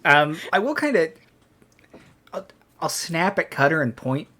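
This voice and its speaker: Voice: medium pitch, sing-song, unhurried, bright, forceful tone. A player in a tabletop role-playing game, thinking aloud hesitantly with many restarts. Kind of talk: casual tabletop game chat.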